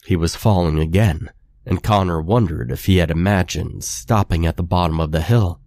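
A man reading a scary story aloud, in a slow and measured horror narration. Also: low voice, a little mellow, dry recording.

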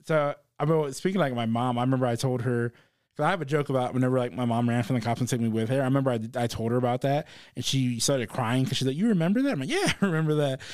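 A man's voice: medium pitch, quick pace, smooth, no room sound. Easygoing young man, dry close sound. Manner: relaxed, agreeable, laughs as he tells stories. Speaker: stand-up comedian guest. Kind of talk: casual conversation.

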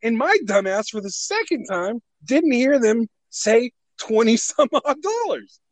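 A man's voice: very high voice, very animated, a little slow, darkish tone, dry recording, poor audio. A man casually telling a story, exasperated and swearing, acting out what everyone said. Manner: profane, exasperated, acts out quotes.

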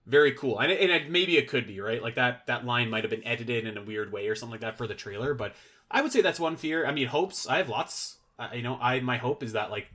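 A man's voice: mid-range voice, quick pace, sharp tone. A man chatting casually as a podcast guest, rambling and filling his sentences with "like" and restarts. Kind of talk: casual chat.

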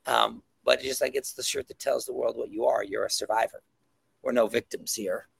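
Man, comic creator guest, gravelly voice, dry sound, enthusiastic and full of ums. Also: medium pitch, brisk, fairly bright tone, no room sound. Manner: enthusiastic, many ums and restarts. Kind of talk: casual podcast chat.

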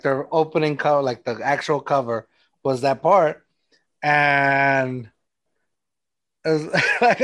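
A man chats loosely on his podcast, his voice sitting a little high. He rambles through stories and leans on "like" between his thoughts. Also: fairly bright tone, no room sound. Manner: rambling storyteller, lots of "like". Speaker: podcast host. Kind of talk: casual chat.

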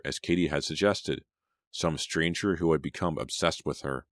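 A man narrating an audiobook in a measured storytelling manner. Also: extremely low pitch, fairly bright tone, dry recording. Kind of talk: scripted narration. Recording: dry close studio sound.

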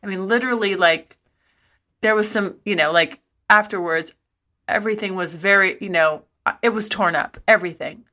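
Bright-voiced woman telling frank stories. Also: medium pitch, moderate pace. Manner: frank, breathless, laughs often, rambling restarts. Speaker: podcast host. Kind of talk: candid personal storytelling.

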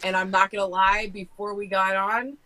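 American woman, podcast guest; bright, frank, rambling chatter. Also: medium pitch, little pitch movement, moderate pace, poor audio. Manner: rambling, frank, many fillers and restarts. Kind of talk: casual chat.

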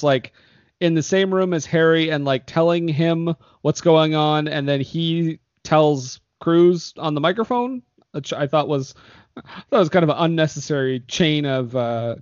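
A man hosting a podcast, recapping a movie in a lively, laughing way and acting out the characters' lines. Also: on the high side, normal speed, no room sound. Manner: animated, acts out lines, laughs often. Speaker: podcast host recapping a film. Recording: dry, dull lo-fi sound.

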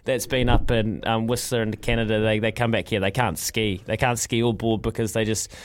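A man's voice: on the low side, flat delivery, brisk, clear, resonant tone. Kiwi guy hosting breakfast radio, keen and chatty, trips over his words a bit. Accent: New Zealand. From New Zealand. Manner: enthusiastic, chatty, restarts phrases. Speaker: radio host.

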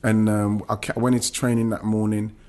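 A man's voice: on the low side, little pitch movement, fairly quick, a little mellow. A man, a former footballer, recounting his career in an emotional podcast interview, with many restarts and some swearing.

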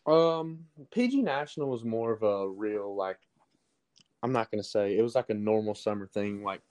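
A teenage baseball recruit with an Alabama accent, answering interview questions in a halting way with lots of ums. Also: male voice, lowish voice, animated, darkish tone, smooth, poor audio. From Southern US. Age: teens. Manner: halting, with many ums and restarts.

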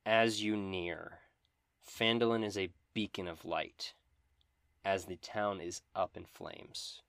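A man narrating a tabletop game as game master in a grave, low manner. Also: a bit bright, clean tone, dry recording, studio quality.

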